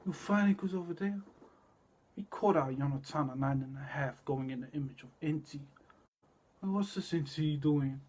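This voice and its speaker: A man with a slightly high, husky voice talks in a cryptic, rambling monologue. He repeats words over and over and drifts from low murmurs to sudden loud bursts. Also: moderate pace.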